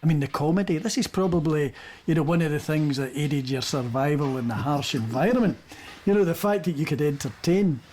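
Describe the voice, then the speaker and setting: A man's voice: fairly high pitch, animated, fairly quick, a little mellow, a little hiss or hum. A man presenting a documentary and talking earnestly with his guest.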